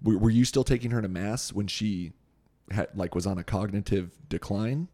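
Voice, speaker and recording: A man's voice: on the low side, normal speed, warm tone. A young man hosting a podcast, asking his mother questions in a casual chat and laughing easily. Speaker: podcast host.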